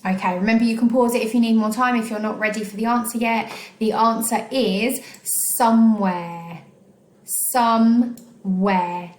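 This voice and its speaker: A woman teaching a recorded online phonics lesson, slowly sounding out each syllable of words for young pupils. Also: on the high side, reverberant. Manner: slow, clearly sounding out syllables. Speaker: primary school teacher.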